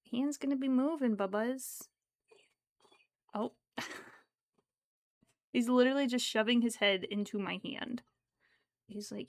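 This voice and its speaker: A woman streaming her crochet work, talking softly in baby talk to her cat between steps. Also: on the high side, steady tone, measured pace, pauses often. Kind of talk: casual livestream chat.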